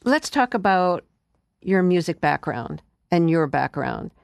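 An interview host who reads a measured introduction and then asks questions in an informative, admiring way. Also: mid-range voice, big pitch swings, creaky, dry recording, clean studio sound. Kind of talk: radio-style interview, reading an introduction then asking questions.

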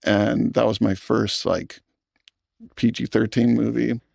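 A man, a film director, talking in an interview in a thoughtful, earnest way with halting restarts. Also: medium pitch, flat delivery, vocal fry, darkish tone, husky, no room sound, studio quality. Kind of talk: reflective interview talk.

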